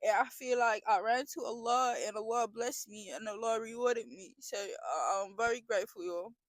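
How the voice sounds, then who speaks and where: A woman's voice: a little high, moderate pace, dry recording. A young woman talking in a casual confessional vlog, earnest and emotional, rambling with frequent restarts. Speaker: vlogger.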